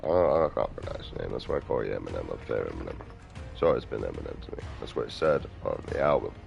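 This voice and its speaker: Middle-aged man, gravelly very low voice, crude outspoken vlog rambler. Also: big pitch swings, quick pace, lo-fi sound, music in the background. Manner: crude, outspoken, mumbling asides. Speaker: vlogger. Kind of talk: rambling casual monologue.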